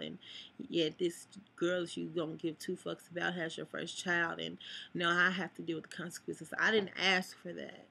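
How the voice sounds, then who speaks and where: A woman's voice: fairly low pitch, vocal fry, sharp tone. A sad, upset young woman venting to viewers in a rambling vlog, cursing freely. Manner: rambling, cusses, addresses viewers. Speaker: vlogger.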